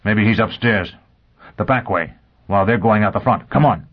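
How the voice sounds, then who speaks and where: A man's voice: lowish voice, normal speed, breathy edge. A man voicing a hard, terse male spaceman who gives clipped orders in an audiobook, on a dull lo-fi recording. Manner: grunting, clipped commands. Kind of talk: audiobook character voice.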